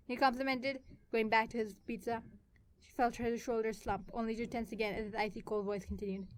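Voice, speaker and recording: Expressive woman reading her fan fiction. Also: on the high side, fairly quick. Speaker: fan fiction writer and narrator.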